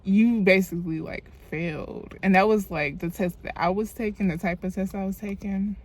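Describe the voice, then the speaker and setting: A woman's voice: medium pitch, steady tone, normal speed. A young woman, telling a storytime in a loose, chatty, profane way into a phone camera while doing her makeup. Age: young adult. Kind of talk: casual storytime vlog.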